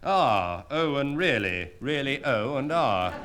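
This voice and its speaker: A pompous lively poet. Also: male voice, medium pitch, takes it slowly, some chatter behind. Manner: pompous mock-Elizabethan speech. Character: pompous famous poet brother, man. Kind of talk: 1970s radio comedy sketch.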